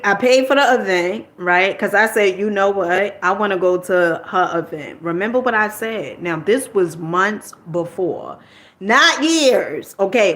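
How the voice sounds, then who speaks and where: A woman's voice: medium pitch, fairly bright tone. A middle-aged woman from New Jersey telling a personal story in a casual, colloquial way, tossing in "okay?" and mild swearing.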